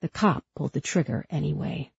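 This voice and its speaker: Low, husky woman narrating an audiobook. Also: a little fast, dry recording, lo-fi sound. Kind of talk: scripted narration.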